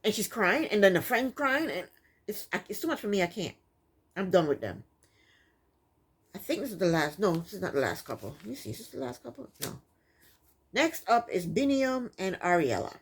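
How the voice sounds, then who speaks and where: A woman's voice: medium pitch, big pitch swings, moderate pace, breathy edge. A woman giving a casual, opinionated recap of a reality TV episode, sassy and exasperated. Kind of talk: casual commentary.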